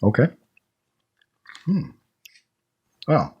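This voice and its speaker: A man's voice: medium pitch, wildly swooping pitch, extremely slow, breathy edge, lo-fi sound. A man co-hosting a podcast, casually tasting snacks and describing the flavors step by step in a musing way. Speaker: podcast co-host.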